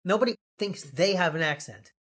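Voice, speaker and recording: A man's voice: sits high, expressive, a little fast, fairly bright tone, slightly rough. Rambling Long Island man hosting. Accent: New York, Long Island. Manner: rambling, jokey, laughs often. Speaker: podcast host. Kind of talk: casual podcast chat.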